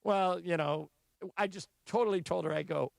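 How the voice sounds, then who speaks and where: A man co-hosting a radio sports talk show, his voice sitting a little high with a gravelly rasp running through it. He tells anecdotes with relish and acts out every quoted voice. The studio sound is close and dry, with no room echo. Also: moderate pace. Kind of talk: casual studio banter.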